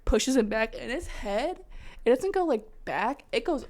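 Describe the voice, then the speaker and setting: A woman with a slightly high voice tells a horror movie's plot in a loose, foul-mouthed, animated way. The sound is dry and close to the mic, with no room around her. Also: a little slow, no echo. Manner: profane, animated storytelling. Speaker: host. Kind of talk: casual movie recap.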